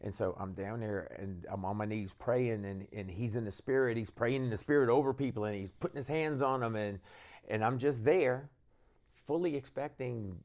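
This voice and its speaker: A man telling his conversion story in casual conversation, animated and acting out the voices of people he quotes. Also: medium pitch, moderate pace. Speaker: guest, band leader.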